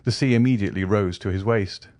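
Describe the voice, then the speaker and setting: A man's voice: fairly low pitch, no room sound, studio quality. Man reading a classic novel aloud. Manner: measured, even storytelling. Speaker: audiobook narrator. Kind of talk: scripted narration.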